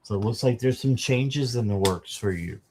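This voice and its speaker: A man's voice: medium pitch, moderate pace, darkish tone, a little hiss or hum. A man doing a casual live tarot reading, chatting to viewers and reading the card text aloud. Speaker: tarot reader.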